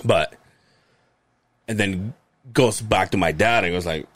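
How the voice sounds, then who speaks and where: A young man co-hosting a casual podcast, telling a family story in an animated way, acting out his relatives' voices and swearing freely. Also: sits low, slow pace, no room sound. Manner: laughs hard and often. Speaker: podcast co-host.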